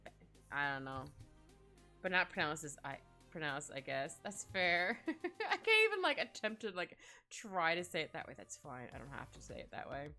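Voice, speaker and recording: A woman's voice: deep voice, very animated, moderate pace, sharp tone. A woman casually chatting while she draws on a stream, rambling and giggly as she reads and answers her chat. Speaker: art streamer. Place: home streaming setup. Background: faint background music.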